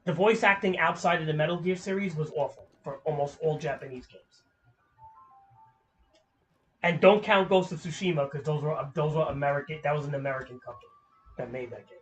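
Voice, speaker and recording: A man's voice: a little high, fairly quick, faint music behind. A man streaming a game, chatting in a casual, rambling way, swearing freely and filling with "like". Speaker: gaming streamer.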